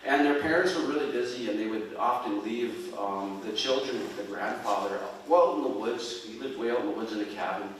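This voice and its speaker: A man's voice: on the low side, brisk, few pauses, fairly bright tone, slight background noise. Man, storyteller on stage, folksy and chuckling, big echo, distant mic. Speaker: storyteller and musician. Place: performing arts center stage. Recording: echoey hall from far off.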